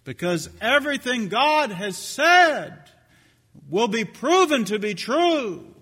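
An older man preaching a sermon, swinging from hushed, slow lines to loud, shouted ones. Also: very high voice, very animated, slightly rough, big-room sound.

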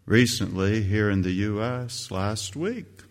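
Animated yet slow, a man preaches as a pastor with strong emphasis, his voice rising higher and louder on key phrases and whenever he quotes scripture. The recording has a long hall reverb.

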